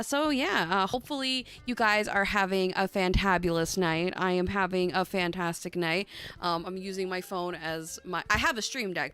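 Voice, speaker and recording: A woman's voice: medium pitch, fairly bright tone, clean tone. A chatty woman hosting a casual tarot livestream, bubbly and swearing freely. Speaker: tarot reader and livestream host.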